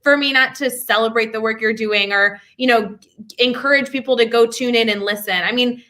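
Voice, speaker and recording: An energetic young woman chatting as a guest on an educator podcast, with a bright, forward tone. She talks in a fairly high voice and tells lively stories with quick asides. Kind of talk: casual interview chat.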